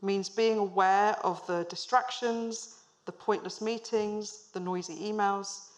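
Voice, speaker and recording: Speaking at a measured, even pace with a steady tone and medium pitch, this woman in her thirties is a managing director. She delivers a story-driven business talk to a live audience on stage, posing questions to them with a light, humorous touch.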